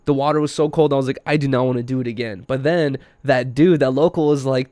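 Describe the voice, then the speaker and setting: A young man hosts a podcast, spinning a story in a relaxed, slangy style packed with fillers. His medium-pitched voice is steady and slightly mellow, and he talks fast with few pauses. The recording has no echo.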